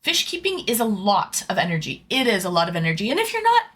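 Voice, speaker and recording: Young adult woman streamer with a bright voice, casual and rambling, greets viewers by name. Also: medium pitch, huge pitch swings, fast. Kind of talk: casual live-stream chat.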